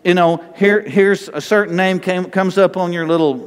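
A man with a North Texas accent, a pastor giving a lively, conversational sermon full of rhetorical questions. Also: high voice, normal speed, smooth, long reverb tail.

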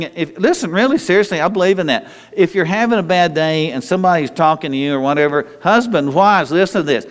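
A man's voice: on the high side, quick pace, few pauses. Man preaching casually in a reverberant hall. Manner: conversational preaching with repeated restarts and chuckles. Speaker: pastor. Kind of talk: sermon.

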